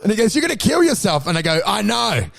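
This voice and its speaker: A man co-hosting a comedy podcast, telling animated stories in casual chat and acting out the people in them. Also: high-pitched, fast talker, creaky. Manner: animated storyteller, acts out voices. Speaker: podcast co-host.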